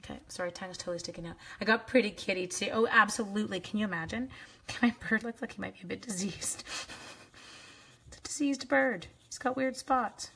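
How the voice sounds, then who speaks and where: A woman's voice: mid-range voice, brisk, creaky, pushed and bright, slightly rough. A woman chatting casually with viewers while she makes a card on a live crafting stream, joking at her own mistakes. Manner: chatty, self-deprecating, talks to viewers while working. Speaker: card-making demonstrator.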